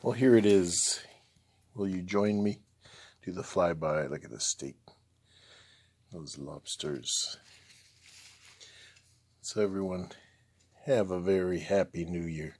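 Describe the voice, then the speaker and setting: A man's voice: deep voice, takes it slowly, pauses often, darkish tone. A man hosting a home cooking video, casually walking through each step and admiring the food. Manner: easygoing, keeps calling the food beautiful. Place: home kitchen.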